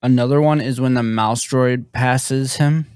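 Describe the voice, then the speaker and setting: Young male co-host, mid-pitched, easygoing, dry close-miked sound. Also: unhurried, clear, resonant tone, no room sound. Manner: relaxed, easygoing, laughs while retelling scenes. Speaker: podcast co-host. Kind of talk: casual chat.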